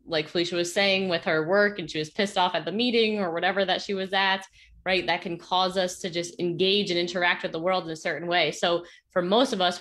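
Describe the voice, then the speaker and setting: A woman hosting a podcast, calmly explaining ideas to listeners. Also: lowish voice. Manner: calm explaining, affirming with soft mm's. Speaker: podcast host, coach. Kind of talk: casual interview chat, explaining.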